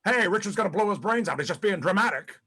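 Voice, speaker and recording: A man's voice: sits high, expressive, fast talker, pushed and bright, breathy edge, full character voice. A man playing a disgraced, paranoid ex-president in a one-man stage monologue, profane and rambling, stammering between bluster and self-pity. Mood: bitter, self-pitying. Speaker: actor in a one-man play. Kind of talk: live-streamed stage monologue.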